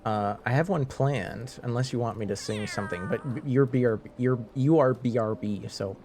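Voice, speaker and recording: A man's voice: medium pitch, normal speed, music in the background. A man chatting casually with viewers on a live stream, rambling, laughing and restarting his sentences.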